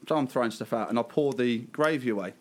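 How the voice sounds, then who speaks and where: A man around thirty rattles through a story at a fast clip, swearing freely and breaking into laughs. His pitch sits in an ordinary middle range, and the delivery is loose, chatty and unscripted. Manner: laughing, swearing, lively anecdote telling. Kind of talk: casual storytelling chat.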